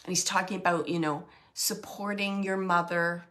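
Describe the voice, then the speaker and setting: A woman giving a live mediumship reading, relaying messages in a halting, emotional way and often searching for words. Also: lowish voice, little pitch movement, a bit bright. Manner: emotional, close to tears at times.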